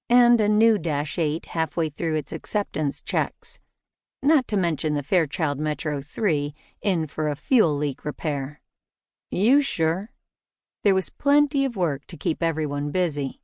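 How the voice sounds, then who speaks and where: A woman narrating a mystery novel in a measured, even storytelling delivery. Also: sits low, smooth, dry recording, studio quality. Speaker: audiobook narrator. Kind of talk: scripted narration.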